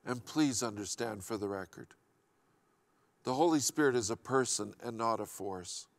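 A man's voice: medium pitch, moderate pace, vocal fry. A middle-aged man preaching a sermon in an earnest, emphatic way, often repeating key phrases and restarting his sentences. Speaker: pastor.

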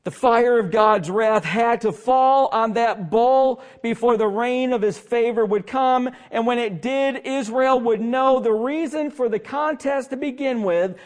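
High-voiced preacher swinging loud to hushed. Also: male voice. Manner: dramatic swings between loud emphasis and hushed asides; sarcastic humor. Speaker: pastor. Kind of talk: sermon.

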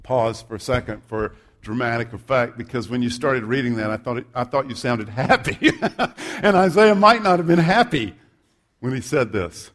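A man's voice: mid-range voice, expressive, normal speed, fairly bright tone. A male pastor preaching a sermon, reading scripture aloud and adding humorous, self-deprecating asides.

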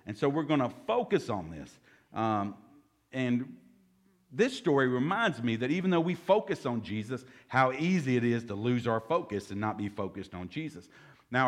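A man teaches an evening Bible study, moving between scripture reading and playful asides. His pitch rises and falls freely as he talks, keeping a loose, joking tone with his listeners. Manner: lively, joking, reads scripture aloud. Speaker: pastor leading a Bible study.

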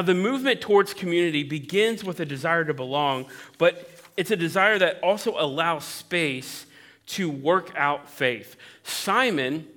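A man preaching a sermon as pastor, conversational and animated, acting out the voices of people in the story he tells. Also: a little high. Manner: animated, conversational, acts out voices in Bible quotes.

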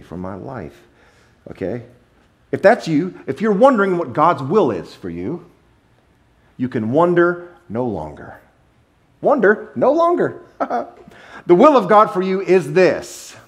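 A man delivers a Sunday sermon in a relaxed, talk-it-through way, full of laughs and slowed-down emphasis. His voice sits a bit above the usual for a man and leaps around freely in pitch. He preaches in a church. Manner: conversational and animated, with playful laughs and drawn-out emphasis. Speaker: pastor. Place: church sanctuary.

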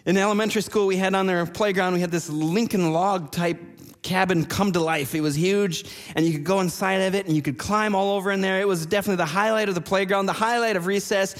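High-voiced pastor in a reverberant church. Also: male voice, fairly even intonation, fast talker. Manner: storytelling, self-deprecating humor. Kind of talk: sermon.

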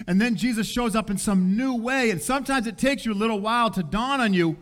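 A man with a high-pitched voice preaches a sermon in a relaxed, conversational manner. He drops into everyday slang and briefly plays the people in the story as he tells it. His delivery feels like talking with the congregation rather than lecturing them. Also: fast, few pauses. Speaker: pastor.

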